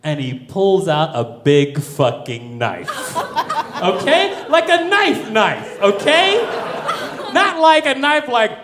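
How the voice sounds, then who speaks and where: A young man doing stand-up, telling a wild story with lots of profanity and animated delivery. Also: sits high, slow, background noise. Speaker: stand-up comedian.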